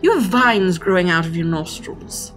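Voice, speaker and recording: A woman's voice: fairly low pitch, normal speed, fairly bright tone, faint music behind. A woman running a tabletop game as game master, narrating and teasing the players.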